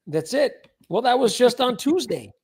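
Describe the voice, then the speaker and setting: A man's voice: extremely high pitch, sing-song, moderate pace, darkish tone, slightly rough. A man hosting a casual livestream, chatting and greeting viewers by name. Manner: chatty, reads viewer names aloud. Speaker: livestream host.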